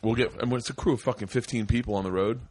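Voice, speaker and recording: A man hosting a podcast in a studio, telling loud, profane, laughing stories in a casual chat. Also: mid-range voice, steady tone, rapid-fire, dry recording. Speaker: podcast host.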